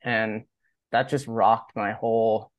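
A man's voice: lowish voice, little pitch movement, takes it slowly, no echo, lo-fi sound. Chatty man telling a story, dry sound. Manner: rambling, heavy use of "like", acts out quoted dialogue. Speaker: podcast guest, pro skateboarder. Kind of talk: casual personal storytelling.

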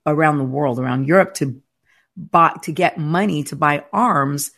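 As the guest in an interview, a woman with a low-sitting, fairly bright voice tells stories from her life at a normal speed. She speaks conversationally but emphatically and dramatically, frequently starting over mid-sentence.

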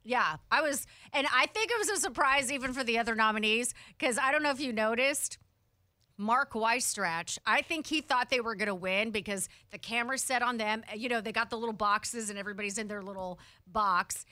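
A woman co-hosting a podcast in relaxed, casual chat, telling stories. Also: fairly high pitch, brisk, no room sound. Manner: relaxed, storytelling. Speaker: podcast co-host.

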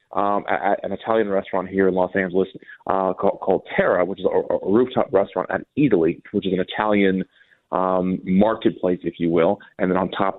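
A man chatting casually as a co-host, telling animated stories and mimicking people. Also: fairly low pitch. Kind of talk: casual chat. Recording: dry, phone-like narrow sound.

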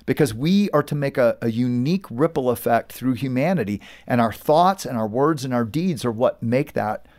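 A man's voice: medium pitch, expressive, normal speed, few pauses, darkish tone. A man, a pastor and author, earnestly recounting stories as a guest in a faith interview. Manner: earnest, storytelling.

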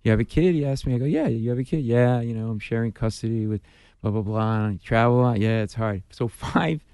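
A man, a stand-up comedian, telling a story in an animated way, acting out the voices and shrieking at the funny parts. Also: medium pitch, fast talker, clean tone, dry recording, studio quality. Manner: acts out dialogue, mimics screams, self-deprecating.

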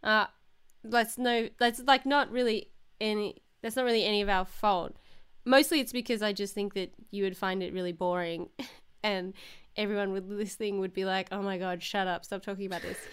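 A young woman co-hosting a podcast in casual chat, talking in loose, restarting sentences full of "like" and quick laughs. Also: medium pitch, steady tone, clear, resonant tone. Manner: chatty, many likes and restarts, frequent laughter. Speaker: podcast co-host.

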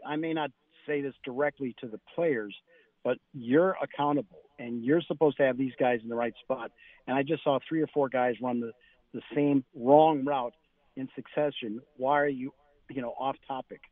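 A man's voice: mid-range voice, moderate pace, dry recording. Male sports reporter on a tinny phone line. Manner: animated, quotes coaches in lively bursts. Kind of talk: phoned-in radio interview.

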